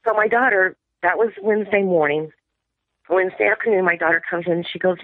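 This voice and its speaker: A woman's voice: fairly low pitch, steady tone, a little fast, no room sound. Middle-aged female caller on a phone line, rambling storyteller, quotes family in dialogue. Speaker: caller sharing an encounter. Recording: tinny dry phone line.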